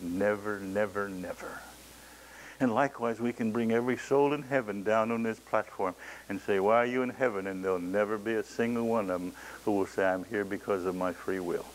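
Male preacher, lowish voice, fervent pleading sermon delivery, faint tape hiss. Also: rough recording. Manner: impassioned pleading, rising to loud cries.

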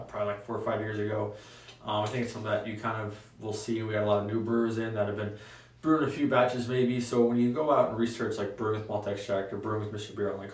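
A young adult man hosting a casual solo talk show, relaxed and rambling with frequent ums. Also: on the low side. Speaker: host. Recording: echoey room, voice a bit far from mic.

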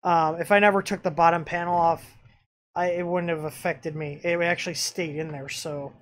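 A man with a fairly high, bright, steady voice hosts a casual live-stream review of a 3D printer at a moderate pace. He rambles, packing in "um"s and often starting sentences over.

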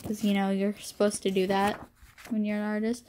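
A woman's voice: medium pitch, monotone, brisk, darkish tone. A young woman chatting casually into a phone at home, rambling and self-deprecating about her drawings. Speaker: amateur artist. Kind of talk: casual chat.

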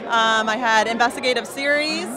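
A woman's voice: on the high side, moderate pace, crowd noise. Modest joking woman reporter. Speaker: TV news reporter. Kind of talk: casual interview.

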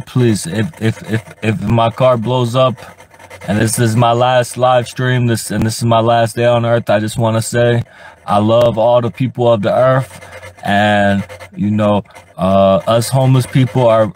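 A man's voice: medium pitch, steady tone, measured pace, darkish tone. Male livestreamer in a parked car, fed up, swears a lot, stumbles and repeats words, mid-range voice. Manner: frustrated, profane, stammers and repeats words. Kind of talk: rambling live stream to chat.

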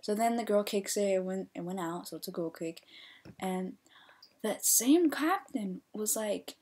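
A young woman hosting a casual podcast, telling referee stories in an animated way and correcting herself as she goes. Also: medium pitch, a little slow, breathy edge. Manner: animated, acts out the players' and her own quoted lines; laughs often and corrects herself mid-story. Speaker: podcast host and soccer referee. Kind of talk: casual storytelling monologue.

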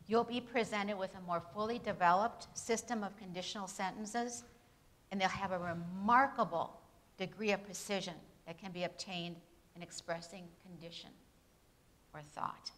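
Her voice mid-range and fairly bright, with fairly even intonation and normal speed, a woman lectures on English grammar to a class at a Bible institute. She poses questions, supplies the answers herself with tag questions, and stresses example sentences clearly as she reads them.

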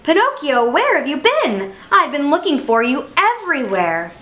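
A woman doing a high fussy cricket. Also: very animated, normal speed, a bit bright, a little hiss or hum. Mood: worried. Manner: urgent, calling out. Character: cricket, small, fussy conscience.

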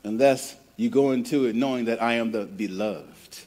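Preaching in a conversational style, a Midwestern American pastor repeats words to build his points and gets the congregation to echo phrases back to him. He speaks at normal speed in a medium-pitched voice with a darkish tone.

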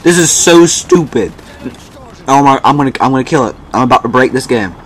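A young man giving excited, boastful commentary while playing a shooter game. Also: medium pitch, fairly quick, slight background noise. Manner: boastful, frustrated, exclaiming. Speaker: gamer narrating his match. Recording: faint gunfire from the game behind.

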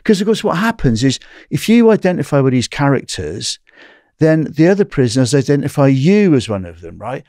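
A man's voice: mid-range voice, brisk, no echo, clean studio sound. A middle-aged man in a casual interview, telling stories animatedly and tagging lines with "right?". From England. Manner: animated, recounts dialogue, frequent "right?" tag. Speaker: guest.

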